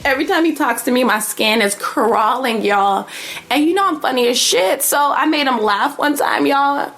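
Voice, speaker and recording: A young woman telling a story to her viewers in a brash, profane, animated way, laughing often. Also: high voice, normal speed. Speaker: vlogger. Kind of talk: casual storytelling.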